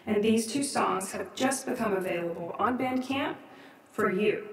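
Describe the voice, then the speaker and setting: A woman presenting the show, reading an introduction in a steady, informative way. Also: medium pitch, distant mic. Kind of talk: read-out introduction. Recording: echoey room, voice away from the mic.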